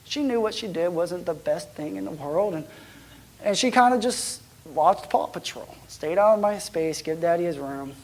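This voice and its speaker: Speaking at a normal speed in a high, animated voice, this pastor shares a personal story from the pulpit. He talks conversationally, keeps restarting, and often drops into hushed, almost whispered tones.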